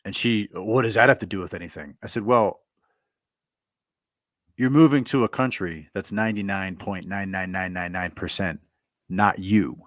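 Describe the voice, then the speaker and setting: A man's voice: low-pitched, moderate pace, fairly bright tone, dry recording, studio quality. A man bluntly retelling an argument in a monologue, stammering and repeating himself as he goes. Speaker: commentator telling a personal story. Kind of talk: monologue recounting a conversation.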